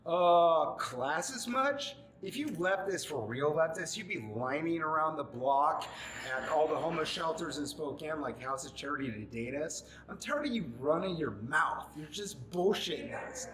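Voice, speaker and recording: A man in his forties rants in a high, strained voice, mocking and shouting with rising anger. Crowd chatter can be heard clearly behind him. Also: expressive, normal speed, echoey room, poor audio. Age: 40s. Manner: angry ranting, mocking voices, growing louder and shouting. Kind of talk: ranting monologue to camera.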